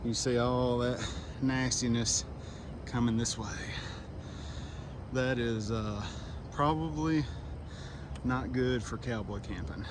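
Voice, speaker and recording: A man's voice: medium pitch, steady tone, takes it slowly, long pauses. Breathless Southern man vlogging by bike. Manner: folksy, self-deprecating, talks to viewers as y'all. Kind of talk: casual vlog narration while cycling. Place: outdoors on a bicycle by the road. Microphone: action camera. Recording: loud road and traffic noise.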